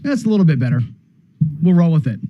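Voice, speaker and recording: A man hosting a live gambling charity stream, rambling casually and clearing his throat as he talks. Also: fairly high pitch, animated, quick pace, slight background noise. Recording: dull, dry lo-fi stream audio.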